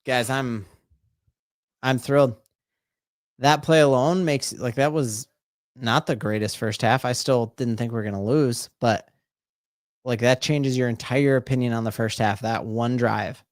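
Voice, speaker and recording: A man streaming live fan play-by-play commentary. He talks casually and rambles, then erupts into loud repeated exclamations. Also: mid-range voice, steady tone, a little slow, long pauses, no echo, studio quality. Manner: rambling, casual, full of fillers and restarts.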